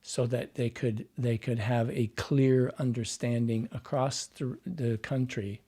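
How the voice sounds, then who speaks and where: Mellow-voiced man explaining at length. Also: mid-range voice, fairly even intonation, measured pace, breathy edge. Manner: explains at length, wandering and digressive. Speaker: dialect coach and actor, guest. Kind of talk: casual podcast interview.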